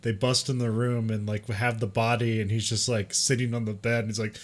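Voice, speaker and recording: A man's voice: lowish voice, level tone, fairly quick. A man in casual podcast chat, with chatty trailing sentences and frequent laughs. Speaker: podcast co-host.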